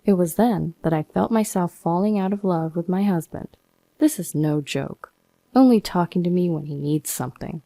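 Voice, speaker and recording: A woman's voice: fairly low pitch, normal speed, warm tone, no echo. A woman narrating her own story in the first person, sounding aggrieved and fed up.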